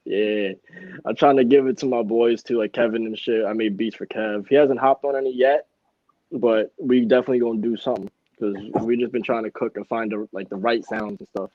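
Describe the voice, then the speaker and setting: A man's voice: medium pitch, fairly even intonation, a little fast, no echo, narrow, tinny audio. A man talking as a rapper guest on a casual podcast, laid-back and slangy, laughing often. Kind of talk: casual chat.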